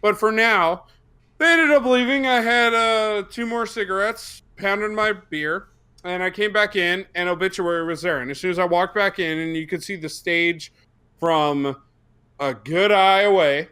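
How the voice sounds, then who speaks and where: A young man telling a profane, excitable story on a casual podcast, bursting into shouts for the quoted parts. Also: fairly high pitch, clear, resonant tone. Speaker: podcast co-host.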